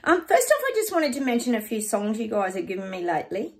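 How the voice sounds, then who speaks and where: A woman's voice: a little high, big pitch swings, fast talker. A woman, hosting her own psychic channel and chatting casually and effusively to her viewers.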